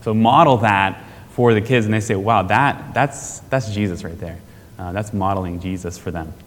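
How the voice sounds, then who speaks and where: Man, lowish voice, chatty church teacher, long reverb hall, keeps checking in with "right?". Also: steady tone, normal speed. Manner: conversational, asks the audience questions, frequent "right?". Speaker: teacher on family discipleship.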